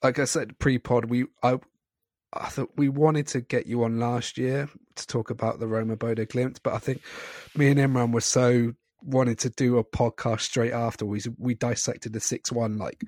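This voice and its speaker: A man's voice: mid-range voice, a little mellow, no room sound, clean studio sound. A British man hosting a podcast, chatting casually and rambling with apologetic digressions. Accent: British English. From Britain. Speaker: podcast host.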